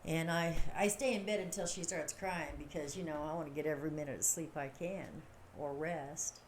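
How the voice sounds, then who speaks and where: Middle-aged woman, low voice, casual rambling livestream chat, laughs a lot, faint room hum. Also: normal speed. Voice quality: chatty, rambling, laughs often. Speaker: livestream host.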